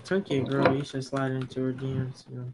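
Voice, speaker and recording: Low-voiced joking woman gamer. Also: completely flat delivery, fairly quick, a crowd in the background. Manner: joking, teasing, slangy. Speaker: gamer streaming with friends. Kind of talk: casual gaming banter. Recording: loud music behind the voice.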